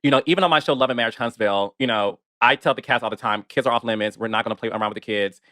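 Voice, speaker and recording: Quick, bright-voiced male host, candid, dry close sound. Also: mid-range voice, dry recording. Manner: warm-hearted, candid, emotional. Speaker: interviewer, producer. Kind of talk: interview chat.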